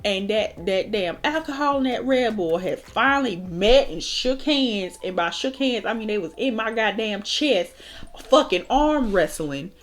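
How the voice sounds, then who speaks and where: A young woman with a medium-pitched voice speaks a little slowly while doing her makeup, telling a wild storytime. She's animated, swears and laughs often throughout the casual chat.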